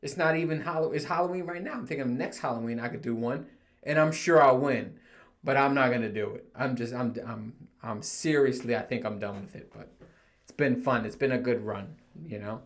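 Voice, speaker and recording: A man's voice: medium pitch, a little fast. A young man hosting his own podcast, chatting casually with plenty of swearing and frequent laughter. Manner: laid-back and profane, laughs often, quotes coworkers in mock voices. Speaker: podcast host. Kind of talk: casual solo podcast monologue.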